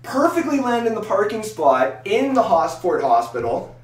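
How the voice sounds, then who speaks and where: Podcast co-host, male, high and animated, profane ranter, recorded off-mic in a roomy space. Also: moderate pace, far from the mic. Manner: loud, swearing, excitable rants. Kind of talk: casual profane ranting chat. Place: small echoey room. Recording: echoey room, off-mic, faint noise.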